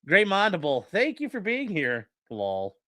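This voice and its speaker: A man's voice: a little high, sing-song, takes it slowly, sharp tone, no echo, studio quality. A man giving joking, sarcastic commentary as he reacts to court footage. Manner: wry, joking asides.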